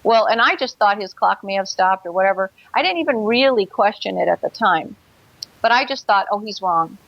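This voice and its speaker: A woman's voice: mid-range voice, lively intonation, moderate pace, gravelly, dry recording, highs cut off. A woman guest in a talk show interview, telling a personal story earnestly and vividly, with hesitant fillers.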